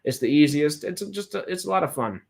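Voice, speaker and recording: A man's voice: fairly high pitch, expressive, brisk, creaky, darkish tone. A man from Texas hosting a casual livestream chat, rambling with frequent restarts and fillers. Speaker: host.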